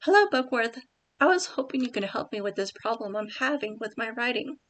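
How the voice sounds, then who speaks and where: A cheerful little young woman, shy but hopeful, as a woman puts her on while writing. She sounds bright and eager, her voice pitched high. Faint hiss sits behind her. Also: lively intonation, fairly quick.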